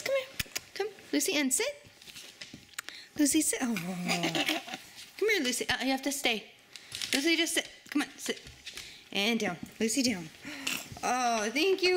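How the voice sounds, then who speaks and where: A woman's voice: a little high, very animated, takes it slowly, long pauses. A young mother at home, coaxing and cooing at her baby and dogs in sing-song baby talk. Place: at home indoors. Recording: noisy home recording.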